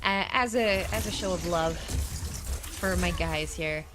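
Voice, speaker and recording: Slow-talking Californian woman streamer. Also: fairly low pitch, background noise. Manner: laughs often, drawn out speech. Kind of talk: casual chat on a gaming stream. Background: music.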